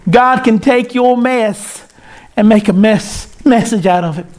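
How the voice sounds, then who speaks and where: A man's voice: very high-pitched, a little slow. A man preaching a sermon, in an impassioned cadence that rises and falls.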